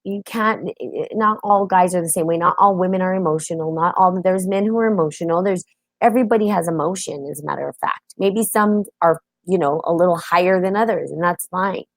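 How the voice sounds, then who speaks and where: An open, chatty woman hosting a casual live stream and greeting viewers by name. Her voice sits a little low, and the room is dry and close. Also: fairly quick, no room sound. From United States. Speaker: host.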